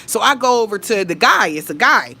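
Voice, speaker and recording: A woman recounts a story straight to her viewers. She talks in a loose, chatty way, acts out the dialogue and swears freely. Her voice is bright and forward. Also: medium pitch, a little fast, faint music behind. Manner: animated, laughing, swearing, acting out dialogue. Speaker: vlogger.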